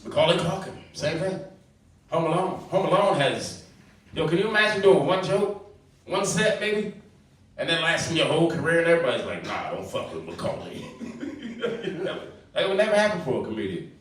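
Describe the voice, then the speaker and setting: This comic's voice sits a little high and sounds animated; he keeps a normal speed but pauses often. His open-mic set is loose and crowd-baiting, punctuated by his own laughter, captured from far off in an echoey small club with faint hiss.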